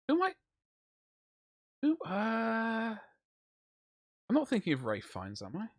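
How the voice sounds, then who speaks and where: A man chatting away on a live stream as he paints, with a lively, swooping delivery. He rambles and jokes through loose, casual banter. His voice sits close and dry, with no room sound. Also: very high-pitched, takes it slowly, long pauses, dry recording. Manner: rambling, jokey banter with chat. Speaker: livestreamer.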